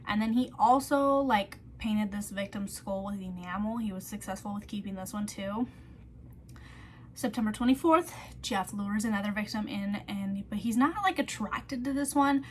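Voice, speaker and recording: A woman's voice: medium pitch, normal speed, slight background noise. A woman vlogger telling a true-crime story in a chatty way, full of "like", who drops to a whisper on the grim details.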